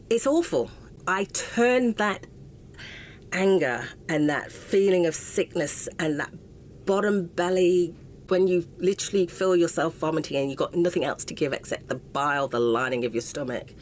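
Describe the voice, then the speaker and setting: A middle-aged woman with an English accent tells her life story with raw, unfiltered passion, stopping and restarting as feelings rise. Her voice sits low for a woman. A faint hum of ambient noise lies under the recording. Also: animated, normal speed, a little mellow. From England. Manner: raw and impassioned, often breaking off mid-sentence. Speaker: interview guest. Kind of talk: emotional personal storytelling.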